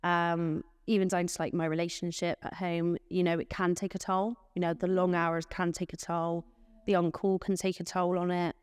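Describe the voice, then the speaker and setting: Woman late 20s, care manager, chatty, low-ish voice, bit of long reverb. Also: little pitch movement, moderate pace, clear, resonant tone, studio quality. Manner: chatty, acts out little quoted exchanges. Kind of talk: casual interview answers.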